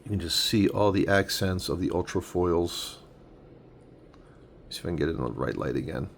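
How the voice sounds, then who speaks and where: A man's voice: low-pitched, expressive, moderate pace, creaky, slight background noise. A man in his forties casually unboxing comics, thinking aloud with enthusiasm as he handles each one. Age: 40s. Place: home room with a tripod-mounted camera.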